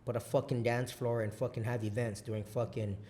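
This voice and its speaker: Profane, animated man telling stories. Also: mid-range voice, brisk, a little hiss or hum. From Guam. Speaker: podcast guest, business owner. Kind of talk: casual chat.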